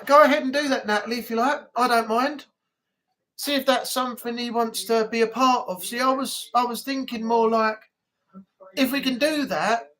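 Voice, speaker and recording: A man with a British accent hosting a relaxed live stream chat, rambling casually and now and then playing with silly accents. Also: extremely high pitch. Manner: chatty, rambling, playfully tries silly accents.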